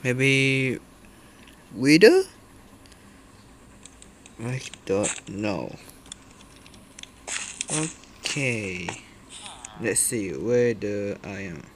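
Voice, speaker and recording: A man's voice: fairly low pitch, very slow, pauses often, a little hiss or hum. A man casually commenting on his gameplay in hesitant, broken English, full of fillers, chatting to game characters and swearing when things go wrong.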